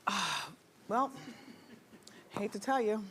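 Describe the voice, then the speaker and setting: A woman hosting a gossip talk show, chatty and playful with loud exclamations, in a studio with a live audience. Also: mid-range voice, expressive, slow pace. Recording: noisy studio with crowd. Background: audience laughter and cheers.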